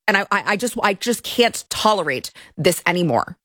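A woman's voice: mid-range voice, expressive, normal speed, a bit bright, dry recording, clean studio sound. A woman from Texas hosting a commentary stream, ranting indignantly and stumbling over restarts as she talks. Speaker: political commentary host. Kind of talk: opinion livestream commentary.

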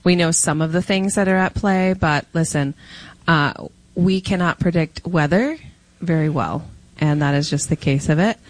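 A woman's voice: low-pitched, moderate pace, no echo, low-quality recording. A middle-aged woman co-hosting a talk radio show, chatting in a wry, easygoing way. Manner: chatty, wry, laughs along. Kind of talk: casual talk radio chat and news banter.

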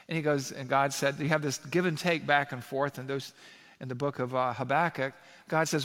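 A pastor preaching an animated sermon, reading scripture aloud and building to emphatic peaks. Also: male voice, mid-range voice, a little fast. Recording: long reverb of a large hall.

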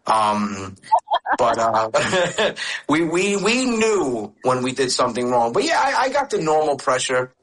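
A man's voice: medium pitch, very animated, measured pace, fairly bright tone, poor audio. A man in his forties, raised in the United States, talking as a radio interview guest and telling candid stories with many restarts. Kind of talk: casual interview chat.

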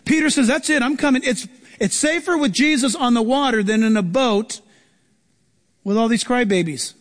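High-voiced animated preacher in echoey hall. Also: male voice, normal speed, some chatter behind. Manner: animated, acts out quoted voices. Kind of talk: sermon.

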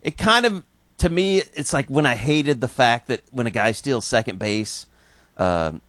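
A man's voice: mid-range voice, animated, a little slow, fairly bright tone, no room sound. Scottish guy rambling his take on a talk show, dry mic. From Scotland. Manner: thoughtful, rambling opinions. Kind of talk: casual chat.

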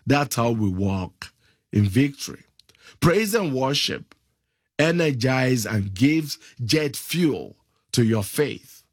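Slow, husky-voiced male preacher. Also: medium pitch, lively intonation, no room sound, studio quality. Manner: slow, emphatic preaching with drawn-out phrases. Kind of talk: sermon.

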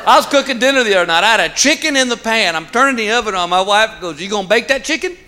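A man doing a stand-up comedy routine, telling stories and landing punchlines in an animated way. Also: high voice, racing. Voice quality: animated storyteller, punchline delivery. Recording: live club, loud audience. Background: crowd laughter.

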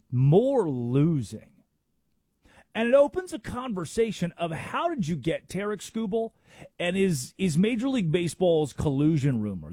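Animated sports radio host, dark voice. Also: male voice, on the high side, no room sound, clean studio sound. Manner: animated, emphatic, builds arguments with rhetorical questions. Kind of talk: sports talk radio monologue.

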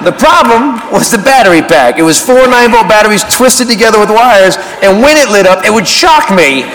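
A man telling a stand-up story, shouting his punchlines with animated energy. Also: high-pitched, fairly quick, rough recording. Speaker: stand-up comedian. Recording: live club set with loud audience laughter.

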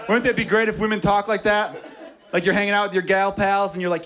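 A man's voice: high voice, fairly even intonation, fast talker, heavy background noise. A man doing a stand-up comedy set in a club, brash and profane, acting out bits. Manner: brash, profane, acts out voices. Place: comedy club stage with laughing audience. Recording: live club recording with crowd laughter.

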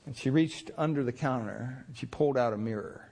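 A man's voice: mid-range voice, brisk, a little mellow. A male pastor preaching a sermon in a conversational storytelling way, with restarts and chuckles.

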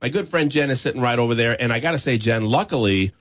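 A man's voice: medium pitch, fast talker. A man hosting a morning radio show, chatting in an upbeat way and laughing easily. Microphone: studio microphone.

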